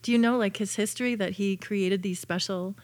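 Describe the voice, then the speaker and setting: A woman's voice: medium pitch, steady tone, brisk, no echo. A woman telling personal stories in a casual chat, with many fillers and restarts.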